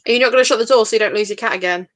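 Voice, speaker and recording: A woman's voice: on the high side, rapid-fire. A young woman hosting a livestream book club, chatting casually and teasing her guests with frequent laughter. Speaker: livestream host. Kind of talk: casual chat.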